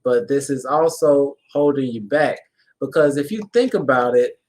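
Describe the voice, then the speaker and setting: A man co-hosting a live-streamed spiritual talk, walking through his points in a relaxed way and checking in with "right?". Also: mid-range voice, normal speed. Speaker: co-host of a spiritual channel. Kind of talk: live-streamed casual discussion.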